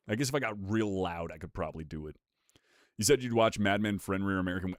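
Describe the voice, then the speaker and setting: A man's voice: on the low side, very animated, a little fast, dry recording, clean studio sound. A young man streaming live, bantering with chat in a joking, profane way.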